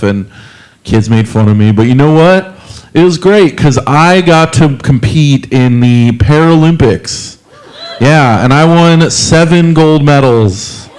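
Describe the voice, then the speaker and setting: A man in his forties doing a stand-up comedy set, rambling and self-deprecating, halting with lots of fillers. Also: mid-range voice, darkish tone, smooth. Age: 40s. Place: comedy club stage with a live audience.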